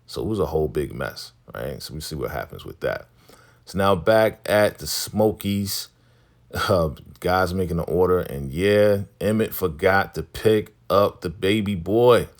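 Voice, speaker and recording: Man, very low and gravelly, casual TV recap vlogger, loose conversational retelling. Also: animated, unhurried. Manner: retells scenes conversationally, quoting characters loosely.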